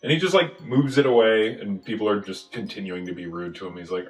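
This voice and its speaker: A man casually recapping a movie with a co-host, animated and acting out scenes in funny voices. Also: lowish voice, a little fast, few pauses, roomy sound, faint music behind, rough recording. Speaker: podcast host.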